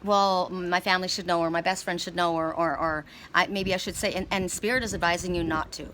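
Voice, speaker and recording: A middle-aged woman giving a casual spiritual card reading outdoors, telling animated stories with frequent restarts. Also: lowish voice, brisk, slight background noise. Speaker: oracle card reader. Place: outdoors by water, California.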